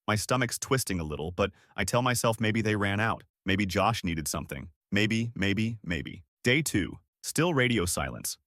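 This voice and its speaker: A man's voice: on the low side, a bit bright, no echo, studio quality. A man in his thirties narrating a first-person story from a script, in a wry, sarcastic way.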